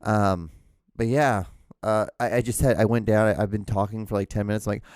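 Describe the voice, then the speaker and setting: Man, solo podcast host, low voice, dry close mic, rambling, restarts a lot. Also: steady tone, moderate pace, darkish tone, clear, resonant tone, dry recording. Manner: rambling, self-interrupting, with frequent restarts and swearing. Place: small room at home. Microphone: podcast microphone.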